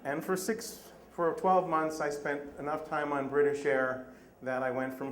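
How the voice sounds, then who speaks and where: A middle-aged man telling a personal story on a live stage, animated and self-deprecating. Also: a little high, unhurried, slight background noise. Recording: echoey live room.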